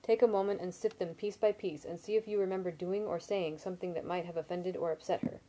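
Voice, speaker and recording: A woman voicing a young man who speaks slowly, dryly and patiently. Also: lowish voice, steady tone, dark tone, close to an everyday voice. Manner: slow, dry, measured.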